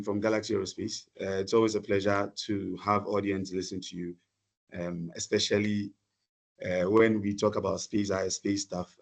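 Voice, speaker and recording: A man giving a webinar talk over a video call, often repeating words and pausing with fillers. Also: fairly low pitch. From Ghana. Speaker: webinar speaker. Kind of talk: presentation talk.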